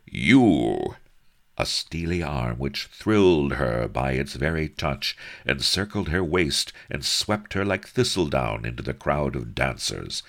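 Very deep, gravelly male storyteller. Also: expressive, unhurried, few pauses, fairly bright tone. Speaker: narrator. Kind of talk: dramatic audiobook narration.

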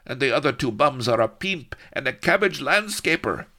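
A man's voice: medium pitch, lively intonation, normal speed, bright, forceful tone, voice pushed up. A man voicing a crude, blunt soldier corporal.

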